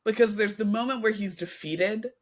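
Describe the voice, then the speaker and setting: A woman co-hosting a podcast in casual chat, stretching out her emphasis. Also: medium pitch. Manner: unhurried, drawn-out emphasis. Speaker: podcast co-host.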